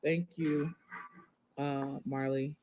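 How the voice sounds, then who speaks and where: A woman's voice: low-pitched, little pitch movement, extremely slow, muffled recording, very noisy. A mother talking to viewers on a livestream, rambling and emotional, often turning to the audience with y'all. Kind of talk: casual livestream talk to viewers.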